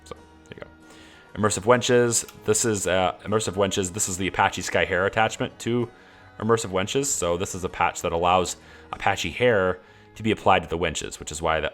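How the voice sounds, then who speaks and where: Deep-voiced man rambling about mods. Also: fairly bright tone. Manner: rambling, enthusiastic, many fillers and restarts. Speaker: streamer. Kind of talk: casual walkthrough of game mods.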